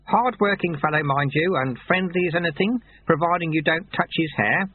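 A man voicing an amiable little old monk sweeper who speaks cheerfully, unhurriedly and with gentle teasing, heard through tinny phone-like audio. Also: on the high side, moderate pace, slightly rough, voice pushed up.

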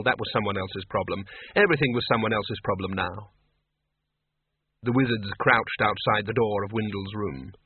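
Husky male narrator, thin phone-like sound. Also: lowish voice, dry recording. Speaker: audiobook narrator. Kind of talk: scripted narration of a comic fantasy novel. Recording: tinny phone-like, dry audio.

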